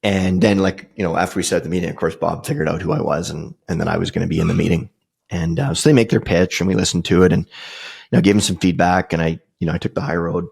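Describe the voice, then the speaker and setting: A middle-aged man with a deep, gravelly voice tells a personal story on his podcast. His tone is husky and unpolished. He rambles loosely, piling up fillers and restarts as he goes. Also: fast, darkish tone. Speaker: podcast host.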